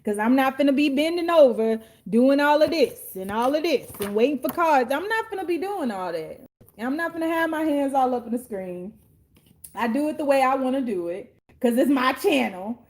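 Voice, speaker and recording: This is a high-voiced woman doing a casual tarot reading on camera. She talks bluntly and sassily, swears freely and leans into slangy street talk. She sounds like herself, with nothing put on. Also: lively intonation, normal speed. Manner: blunt, sassy and profane. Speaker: tarot card reader.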